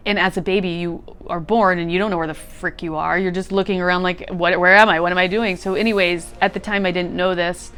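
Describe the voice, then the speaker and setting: A woman guest telling a deeply personal story, candid and casual, swearing now and then and leaning on "like". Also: smooth. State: close to tears at times. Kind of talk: emotional personal testimony.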